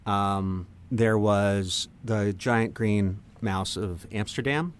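A man co-hosting a podcast in casual comedic chat, riffing deadpan on made-up bits. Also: fairly low pitch, very slow, slight background noise. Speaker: podcast co-host.

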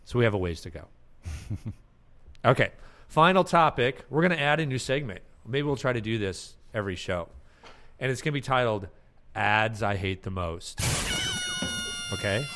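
A man hosting a casual marketing podcast, talking in an animated way and acting out ad characters with laughs. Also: medium pitch, moderate pace, pauses often. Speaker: podcast host. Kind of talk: casual chat.

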